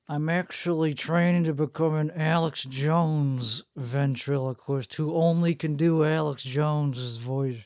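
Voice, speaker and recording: A man's voice: fairly high pitch, unhurried, gravelly, few pauses, dry recording, clean studio sound. A man hosting a rambling solo podcast, talking through barely moving lips in a self-mocking way, his voice strained and worn. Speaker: podcast host. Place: indoor room.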